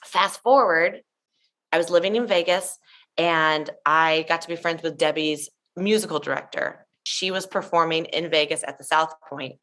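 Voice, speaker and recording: A woman's voice: deep voice, moderate pace. Woman guest, thirties, from Tennessee; effusive, chatty storyteller. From Tennessee, USA. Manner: gushing, animated storyteller with many "like" fillers. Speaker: guest, show emcee. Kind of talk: casual interview chat.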